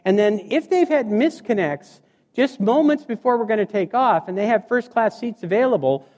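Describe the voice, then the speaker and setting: Man, stand-up comic, high voice, animated storytelling, long hall reverb. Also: normal speed. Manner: animated, acts out voices and scenes. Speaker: stand-up comedian.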